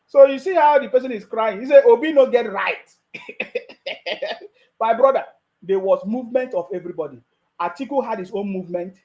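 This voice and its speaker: A man's voice: high-pitched, a little mellow, poor audio. A man with a Nigerian accent giving a mocking, scolding political rant with frequent restarts. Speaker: political commentator. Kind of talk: ranting video commentary.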